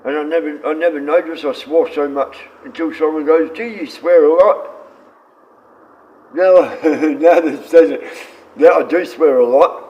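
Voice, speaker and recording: A man's voice: a little high, steady tone, normal speed, a little mellow. Blunt rambling Australian man. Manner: blunt, rambling, reads chat aloud and talks to his dogs. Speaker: live streamer. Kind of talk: casual live-stream chat. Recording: dull lo-fi stream audio with faint noise.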